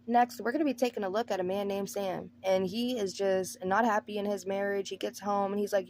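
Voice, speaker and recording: A woman's voice: medium pitch, steady tone, brisk, darkish tone, slight background noise. A woman hosting a movie review channel, giving a casual, sarcastic recap of a film. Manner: sarcastic, breezy, acts out characters' lines.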